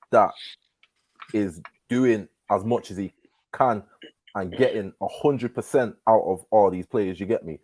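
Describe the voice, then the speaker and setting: A man makes his case about his football club, emphatic and slangy. His voice is mid-pitched and the sound is dry and close. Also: dry recording. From Manchester. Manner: emphatic, slangy, repetitive tags. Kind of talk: casual football talk.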